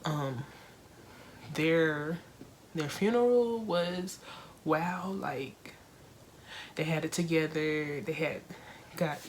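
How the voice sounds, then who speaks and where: Young woman doing a movie review vlog, lowish voice, gets emotional, faint hiss behind. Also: slow, pauses often. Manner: emotional, expressive, talks straight to viewers; casual conversational with lots of fillers. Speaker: vlogger reviewing a film.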